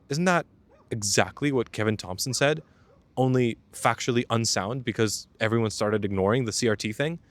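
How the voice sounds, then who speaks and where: A man's voice: mid-range voice, no room sound. A young man narrating a scripted video essay as its host, mixing storytelling with wry, casual joking asides. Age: young adult.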